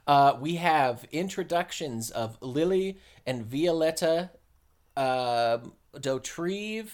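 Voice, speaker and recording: A man's voice: on the high side, slow pace. A young man co-hosting a casual podcast, joking around and laughing often. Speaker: podcast co-host.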